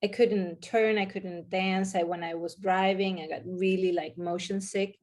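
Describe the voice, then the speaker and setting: Halting woman guest searching for words. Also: medium pitch, steady tone, a little mellow. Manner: hesitant, searching for words with restarts. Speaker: interview guest. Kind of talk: personal storytelling in an interview.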